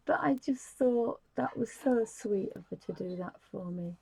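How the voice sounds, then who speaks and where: A woman's voice: on the high side, steady tone, moderate pace, creaky, a little mellow, husky, poor audio. A woman, chatting casually and giggling as she hosts a live stream. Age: 50s. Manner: chatty and giggly, rambling with restarts. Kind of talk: casual chat, showing things to camera.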